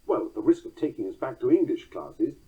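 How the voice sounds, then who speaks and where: A man with a measured, drily wry manner, reading poems aloud and explaining meter as a teacher. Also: medium pitch, big pitch swings, slightly rough, phone-quality sound. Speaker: poetry teacher. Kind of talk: scripted narration reading verse aloud.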